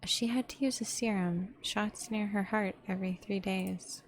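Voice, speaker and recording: A woman's voice: medium pitch, fairly even intonation, normal speed, a little hiss or hum, natural voice. A blunt, short-tempered grieving bartender, as a woman reads it aloud. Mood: somber.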